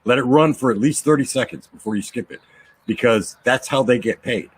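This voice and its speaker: A man's voice: medium pitch, fairly quick, breathy edge. A man hosting a casual chat show, joking and rambling with a guest over a call. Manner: joking, rambling, laughs often. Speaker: host.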